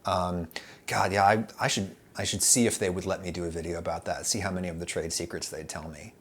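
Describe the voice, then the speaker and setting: A man hosting a casual food chat, rambling and animated with lots of fillers and restarts. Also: deep voice, fast talker, slightly rough. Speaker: food YouTube host.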